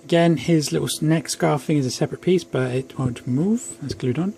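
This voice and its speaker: This toy reviewer, a young man at home, talks chattily about an action figure with plenty of rambling and self-deprecating remarks. He speaks a little fast in a warm, high-leaning voice with some vocal fry, and faint background noise is present.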